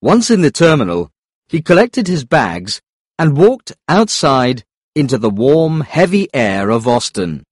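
A man reading a story aloud in clear, deliberate audiobook narration. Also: mid-range voice, very animated, no echo, studio quality.

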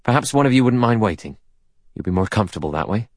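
Soft, deferential Devon cabbie, from a male reader, low voice. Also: animated, quick pace, no room sound, clean studio sound, natural voice. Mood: polite. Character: male Devon taxi driver, polite and deferential.

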